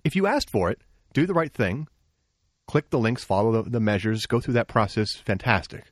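A man's voice: lowish voice, very animated, normal speed, no room sound, studio quality. A man co-hosting a radio tech show, bantering and giving advice directly. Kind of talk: casual radio tech talk.

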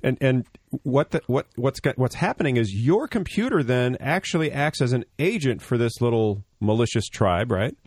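A man's voice: medium pitch, sing-song, normal speed, hardly any pauses, a little mellow, husky, no echo, clean studio sound. A man co-hosting a radio tech show, explaining things at length in a blunt, joking way. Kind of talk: casual radio tech talk.

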